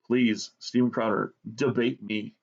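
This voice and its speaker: A man's voice: medium pitch, fairly even intonation, a little slow, creaky, lo-fi sound. A man from the United States ranting bluntly and sarcastically, swearing constantly. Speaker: art vlogger. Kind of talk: profane rant while drawing.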